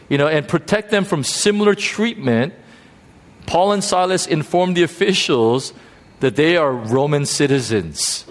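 Animated male preacher with a higher voice. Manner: animated preaching, rising to high pitch for emphasis, frequent repetitions. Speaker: pastor. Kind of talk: sermon.

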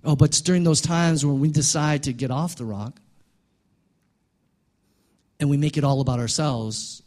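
A male pastor preaching a sermon, building to loud, emphatic peaks and dropping quiet again. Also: a little high.

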